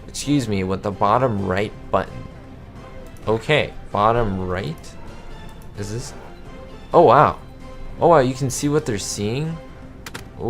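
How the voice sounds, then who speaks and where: A man giving excitable, easily amazed commentary as he plays a video game. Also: lowish voice. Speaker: gamer.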